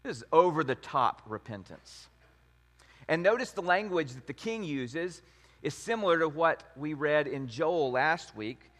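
A man giving a conversational sermon on scripture, with an animated, lively delivery that jumps up in pitch when he acts out quotes. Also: unhurried, in a large hall. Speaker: preacher.

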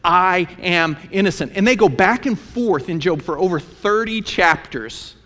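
This preacher's high, slightly bright voice is expressive and moves at normal speed, echoing with the long reverb of a big hall. Retelling a Bible book's story in a sermon, he speaks emphatically and conversationally, repeating phrases for emphasis.

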